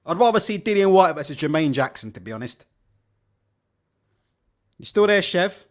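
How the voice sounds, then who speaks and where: A man's voice: high voice, normal speed. A man hosting a live boxing stream, swearing and sarcastic in his commentary. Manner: profane, sarcastic, animated. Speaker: boxing show host.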